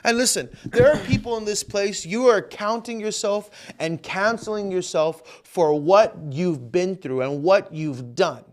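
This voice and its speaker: Man, pastor, livestream sermon, high voice, fervent, repetitive emphasis. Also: unhurried, hardly any pauses. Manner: fervent preaching that builds in intensity; repeats phrases for emphasis.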